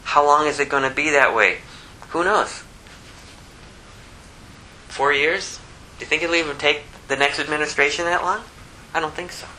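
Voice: mid-range voice, normal speed, pauses often, sharp tone, slight background noise, poor audio. An American preacher delivering a sermon in an emphatic way, full of rhetorical questions. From United States.

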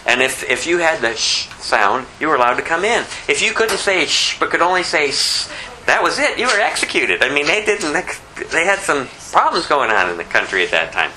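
A man's voice: a little high, very animated, a little fast, pushed and bright, slight background noise, rough recording. A man giving a conversational, verse-by-verse Bible teaching, reading scripture aloud and explaining it in plain words, with a slight lisp. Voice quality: says he has a lisp. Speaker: pastor.

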